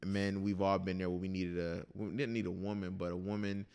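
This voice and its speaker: A man co-hosting a casual chat, slangy and animated, often acting out quotes. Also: sits low, a little fast, gravelly, clean tone. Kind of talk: casual chat about a TV show.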